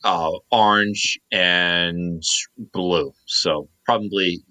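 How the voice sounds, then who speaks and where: Podcast co-host, man in his 30s, lowish bright voice, meandering casual chatter. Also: fairly even intonation, very slow, poor audio. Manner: rambling, many fillers and restarts. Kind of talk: casual chat.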